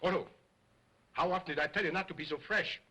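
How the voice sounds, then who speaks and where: A grandiose, self-important ventriloquist who speaks in stiff, formal phrases and keeps scolding his partner. His voice is forceful and husky, delivered in early sound film style. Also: a little high, quick pace, low-quality recording. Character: pompous egocentric male stage ventriloquist. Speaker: stage ventriloquist.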